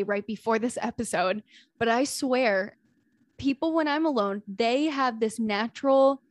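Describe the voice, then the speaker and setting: A woman hosting a podcast, chatting casually and telling animated stories. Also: fairly high pitch, dry recording, clean studio sound. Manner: chatty, animated storytelling with laughs. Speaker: podcast host. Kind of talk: casual chat.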